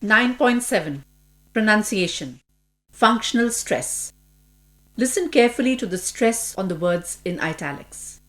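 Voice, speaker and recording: A woman's voice: mid-range voice, animated, unhurried, fairly bright tone. Woman announcing course sections formally. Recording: faint mains hum.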